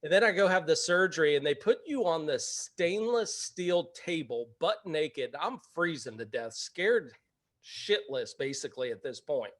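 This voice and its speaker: Animated male storyteller, higher voice, casual and chatty with laughs. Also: moderate pace. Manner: animated, laughs while telling. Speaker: real estate investor and webinar host.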